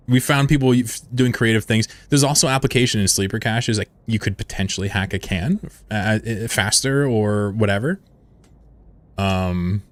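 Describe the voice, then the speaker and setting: A man's voice: on the low side, no echo. A man streaming a game, chatting casually with his audience in a rambling, profane way and chuckling often. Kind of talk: casual live-stream commentary.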